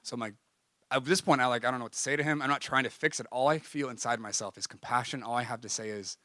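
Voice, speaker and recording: A man giving a church talk, telling a personal story in a lively way and acting out the conversations. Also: medium pitch, fast, no room sound. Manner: animated, acts out conversations, frequent "like". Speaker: speaker at a church gathering.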